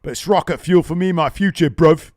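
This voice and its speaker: A man's voice: on the high side, brisk, darkish tone, no echo, pitched above the performer's own voice, close to an everyday voice. A man putting on a to play a cocky, boastful male wrestler.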